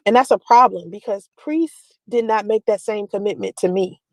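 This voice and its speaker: A woman's voice: medium pitch, normal speed, darkish tone, no room sound, low-quality recording. A woman talking at length about her family and personal life, rambling and confessional, full of "like" fillers. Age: adult with a daughter. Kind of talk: personal talk to camera.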